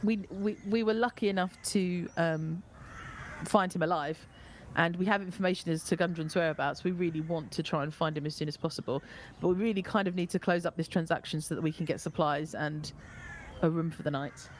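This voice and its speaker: Low-pitched female player, formal in-character speech, light hiss behind. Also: fairly even intonation, fairly quick. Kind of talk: in-character table talk.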